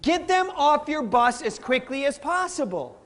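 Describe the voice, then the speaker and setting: A middle-aged man giving a live motivational talk, energetic and playful, quizzing the audience and laughing often. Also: extremely high pitch, measured pace. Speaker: motivational speaker.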